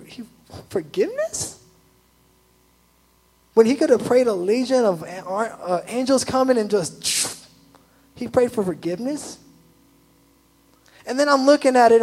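A young man, a youth pastor, giving a casual, animated sermon full of "like" asides. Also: sits high, husky, low-quality recording.

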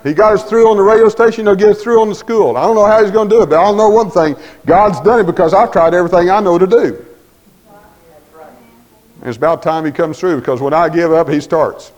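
Folksy preacher, fairly high voice. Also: male voice, quick pace, darkish tone, muffled recording. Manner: folksy storytelling, acting out the dialogue. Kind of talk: sermon.

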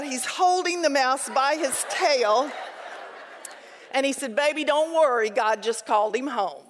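A woman with a high voice leads a Bible study, weaving funny personal anecdotes into her teaching. Her voice rings with a long reverb, as if spoken in a large hall. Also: slight background noise. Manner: lively, humorous anecdotes.

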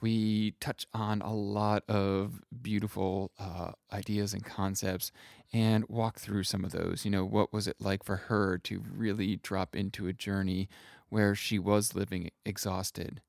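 A man hosting a podcast as a self-kindness coach, speaking gently and reflectively, often pausing to search for words. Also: lowish voice, little pitch movement, vocal fry, dry recording, clean studio sound. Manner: gentle, unhurried, searching for words with soft fillers.

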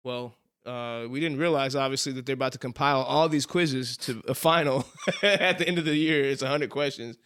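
Smooth-voiced man telling a story. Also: mid-range voice, brisk. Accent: Southern US. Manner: animated storyteller, laughs often, says "bro". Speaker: podcast co-host. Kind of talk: casual chat, storytelling.

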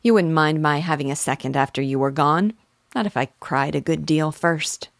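A bantering, jovial old uncle teases his godson and the company, voiced by a woman reading aloud. The voice sits low and the sound is close and dry. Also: normal speed, creaky, dry recording. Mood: teasing. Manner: teasing, bantering. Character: jovial chatty older male uncle.

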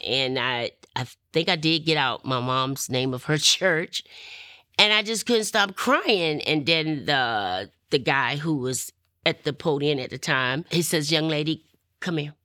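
Woman, middle-aged, animated storyteller, low voice, dry close sound. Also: a little slow, dry recording. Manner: animated, acts out quoted voices, laughs often. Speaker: testimony speaker. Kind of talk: personal testimony, storytelling.

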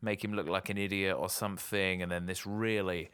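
A podcast co-host in casual chat, musing aloud and speculating about where a story is heading. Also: male voice, deep voice, flat delivery, brisk, a bit bright, clear, resonant tone, dry recording, clean studio sound. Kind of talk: casual chat, guessing plot.

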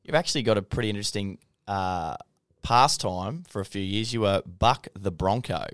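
A man's voice: lowish voice, normal speed, a bit bright, dry recording, studio quality. A man hosting a podcast, friendly and easygoing in casual chat. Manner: friendly, easygoing, Aussie slang. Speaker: podcast host. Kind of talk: casual interview.

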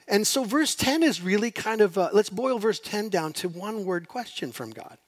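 A man preaching a sermon, reading scripture and acting out the speakers in it, swinging between loud emphasis and hushed asides. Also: high voice, brisk, few pauses. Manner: animated, voices God and Jonah, swings loud to hushed. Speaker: pastor.

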